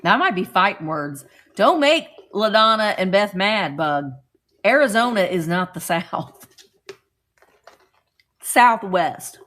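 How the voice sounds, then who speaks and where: A middle-aged woman hosting a casual live stream, chatting with viewers and getting excited over small cute items. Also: mid-range voice, takes it slowly, long pauses. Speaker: vintage reseller hosting a livestream.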